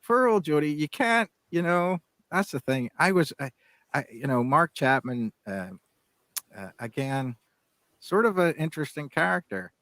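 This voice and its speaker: A man's voice: a little high, very animated, a bit bright, no echo. A man in his fifties co-hosting a podcast, rambling through casual chat with lots of restarts and fillers. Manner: halting, many restarts and fillers. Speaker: podcast co-host.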